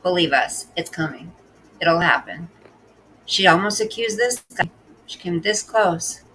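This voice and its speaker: A woman's voice: fairly low pitch, a little slow, fairly bright tone, a little hiss or hum, low-quality recording. A woman hosting a casual reaction commentary, talking bluntly and sarcastically as she scolds the person in the clip. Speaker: commentary host.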